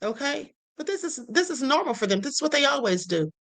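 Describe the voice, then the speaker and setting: A woman's voice: sits high, sing-song, brisk, a bit bright. A woman hosting a livestream, commenting on clips in a blunt, emphatic and sassy way. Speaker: livestream host.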